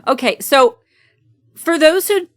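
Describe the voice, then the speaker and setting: A woman's voice: sits high, animated, slow. An American woman co-hosting a podcast in casual chat, giggly, enthusiastic and teasing. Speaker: podcast co-host.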